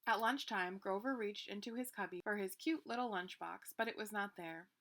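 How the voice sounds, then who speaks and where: A woman reading a children's picture book aloud with expressive narration. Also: medium pitch, moderate pace, slight background noise. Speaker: reader. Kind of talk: children's storybook read-aloud.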